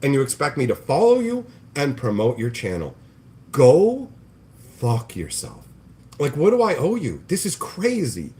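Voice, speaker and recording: A man's voice: mid-range voice, huge pitch swings, a little slow, a little mellow. Profane, sarcastic ranting man. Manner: profane, sarcastic, mocks others in put-on voices. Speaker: livestream host. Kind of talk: ranting casual livestream talk. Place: home kitchen, cooking bacon.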